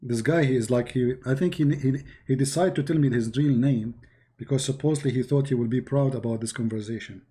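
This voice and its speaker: A man with an Arabic accent, a native Arabic speaker from the Middle East, hosting a livestream and telling stories in a mocking, animated way. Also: mid-range voice, a little fast. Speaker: host. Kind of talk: livestream commentary.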